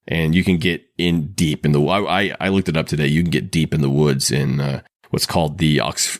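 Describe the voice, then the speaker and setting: Male podcast host, low and dry, chatty with frequent laughs. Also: no room sound. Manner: chatty, laughs often, restarts sentences. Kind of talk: casual chat recapping a TV episode.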